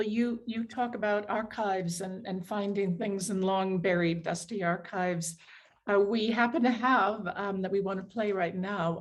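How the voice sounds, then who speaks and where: A woman co-hosting on a video call, explaining and introducing a recording with a few ums. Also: medium pitch. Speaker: co-host.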